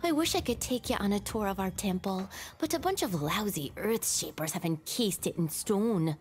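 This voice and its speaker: A woman's voice: medium pitch, animated, moderate pace, natural voice. A woman voicing a friendly, flirtatious female faun guide in a video game, with an exaggerated put-on accent and a playful, theatrical delivery.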